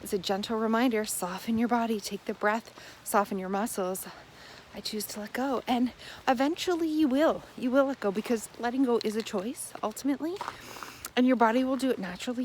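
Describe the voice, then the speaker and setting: A woman's voice: fairly high pitch, darkish tone, slight background noise, low-quality recording. Earnest woman coaching self-help healing. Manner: earnest, encouraging, repeats phrases for emphasis. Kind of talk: talking-to-camera self-help advice.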